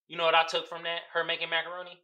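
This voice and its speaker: A man's voice: fairly high pitch, completely flat delivery, racing, bright, forceful tone, muffled recording. A young man from the Bay Area hosting a podcast, ranting about a movie in slangy, profane casual talk and laughing often. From San Francisco Bay Area. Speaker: podcast host. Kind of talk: casual movie-review rant.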